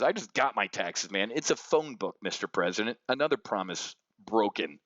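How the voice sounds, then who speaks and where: A man's voice: lowish voice, animated, a little fast, few pauses, a bit bright, no echo, dull audio. A man hosting an options trading show, giving blunt, heated market commentary that swings between outrage and somber reflection. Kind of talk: unscripted market commentary rant.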